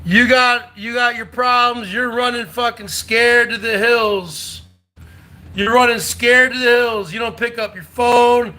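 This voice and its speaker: A man from North Jersey with a New Jersey accent, hosting a livestream and ranting loudly at chat, taunting and swearing and repeating himself, with frequent high whooping shouts. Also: fairly even intonation, unhurried. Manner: loud, combative, profane, repetitive taunting. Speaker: livestream host. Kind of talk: rowdy livestream rant to chat.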